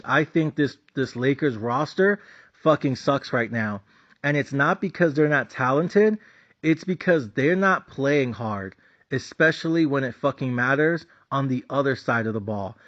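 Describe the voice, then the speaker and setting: A man's voice: mid-range voice, fairly bright tone. A man hosting a sports betting channel, ranting casually and bluntly about his team with a lot of profanity. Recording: dull lo-fi sound.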